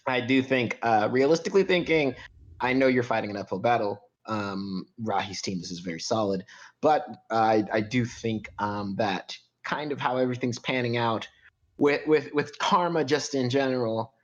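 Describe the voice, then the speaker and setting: A man's voice: mid-range voice, normal speed, highs cut off. A man co-hosting a podcast, talking in an earnest, hesitant and supportive way. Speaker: podcast co-host. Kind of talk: casual chat.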